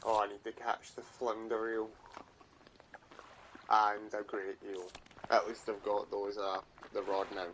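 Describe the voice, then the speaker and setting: A man's voice: lowish voice, flat delivery, a little slow, long pauses, fairly bright tone, slight background noise. A Scottish man giving casual let's play commentary, muttering and swearing as he plays. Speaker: gaming streamer.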